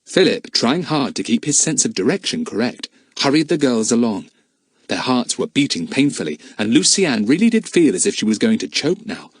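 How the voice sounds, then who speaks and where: A man narrating a children's adventure audiobook in a lively, expressive reading. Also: medium pitch, moderate pace, breathy edge, dry recording. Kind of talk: storybook narration.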